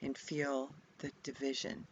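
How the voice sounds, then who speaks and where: A woman's voice: a bass voice, completely flat delivery, lo-fi sound, background noise. A woman guiding an imaginative Bible contemplation, asking reflective questions and sometimes dropping to a whisper. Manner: slow, reflective, prompting questions, at times whispered. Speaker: retreat leader guiding contemplation.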